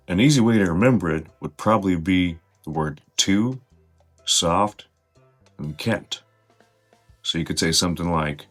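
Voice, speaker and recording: A man talking casually to camera, explaining slang in a relaxed, direct way to his viewers. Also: low voice, unhurried, pauses often, faint music behind. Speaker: vlogger teaching slang.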